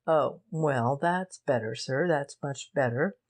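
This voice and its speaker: A woman reading a blunt police detective who talks in a gruff, direct way. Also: extremely low pitch, takes it slowly, full character voice.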